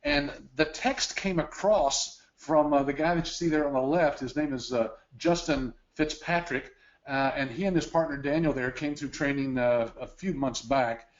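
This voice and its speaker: A man's voice: fairly high pitch, normal speed. A man co-hosting a webinar from his home office, talking casually with many fillers, somewhat out of breath. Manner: chatty, filler-heavy. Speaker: webinar co-host. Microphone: video call. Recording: dull lo-fi video call audio.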